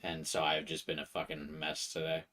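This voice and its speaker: A young man congested from allergies chats casually while playing a game, with game music behind him. His extremely low voice is completely flat and sharp-toned at a normal speed, and he rambles, swears casually and fills his talk with "like."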